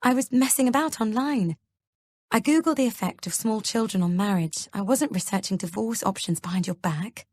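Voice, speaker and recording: A woman's voice: mid-range voice, moderate pace, no room sound, close to an everyday voice. Bewildered young mother, tense and incredulous, as the narrator voices her; dry studio read. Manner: tense, raised, incredulous questioning. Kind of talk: audiobook character reading.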